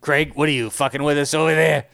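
A man's voice: fairly high pitch, fairly even intonation, fast talker, vocal fry, fairly bright tone. A man voicing a brash, crude male company boss who boasts and barks at his producer, in an improvised comedy podcast bit. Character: brash sleazy male CEO Mort, middle-aged. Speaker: podcast co-host.

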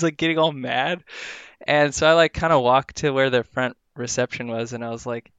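A man's voice: mid-range voice, fairly even intonation, normal speed, fairly bright tone, clear, resonant tone, no room sound. A man in casual chat, telling a rambling story with lots of filler words.

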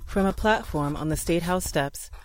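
A man reading a scripted historical narration in a measured, earnest way. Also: on the high side, low-quality recording.

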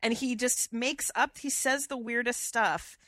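A woman co-hosts a casual podcast, chatting in a lively, animated way with plenty of ums and easy laughter. Her voice is bright and clear, recorded dry and close. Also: a little high, measured pace, dry recording. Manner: chatty and animated, laughs easily, many fillers. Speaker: podcast co-host. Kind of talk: casual chat.

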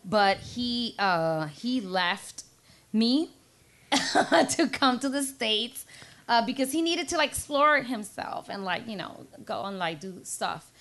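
A woman tells run-on stories with lots of laughter, her voice pitched fairly high. She talks in fast, tumbling bursts, as a guest at a live comedy show. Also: lively intonation, fairly bright tone. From Puerto Rico. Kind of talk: casual storytelling.

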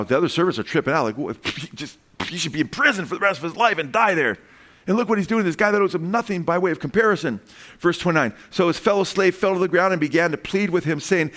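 A man preaching a sermon in a conversational, emphatic way, often asking his listeners questions. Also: mid-range voice.

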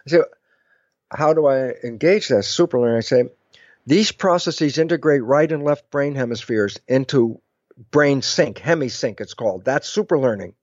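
A man explaining ideas in an interview, animated and acting out both sides of imagined conversations. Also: mid-range voice, moderate pace, dry recording, lo-fi sound. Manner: lively, acts out both sides of imagined dialogues. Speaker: guest speaker.

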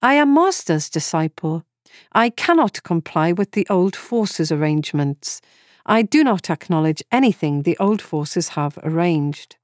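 Woman reading a story calmly, steady pace, dead dry mic, no room sound. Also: on the low side, a little slow, dry recording. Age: 40s. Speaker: reader of a first-person story. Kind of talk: scripted narration.

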